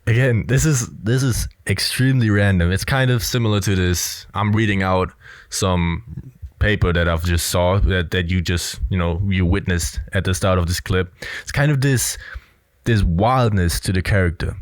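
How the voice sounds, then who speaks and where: A man's voice: low voice, normal speed, no echo. A man giving blunt, assertive casual commentary on a film clip, often filling with "you know". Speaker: body language commentator.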